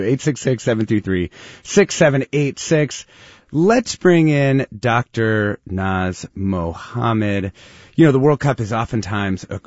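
A man hosting a live radio interview, chatty and lively, with many fillers. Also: on the low side, no room sound. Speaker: radio show host. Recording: dry, slightly muffled radio studio audio.

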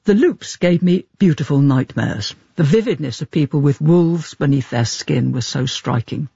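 A man's voice: on the high side, animated, normal speed, vocal fry, dark tone, breathy edge, no echo, dull audio. A male interviewer asking long, articulate questions about a book. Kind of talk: literary interview.

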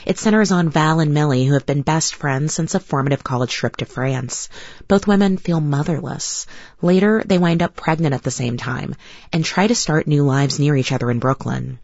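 Measured woman radio host, dry sound. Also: sits low, creaky, a little mellow, no echo. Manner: measured, thoughtful questioning. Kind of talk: scripted radio introduction and interview questions. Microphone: studio mic, dry. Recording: slightly dull lo-fi broadcast sound.

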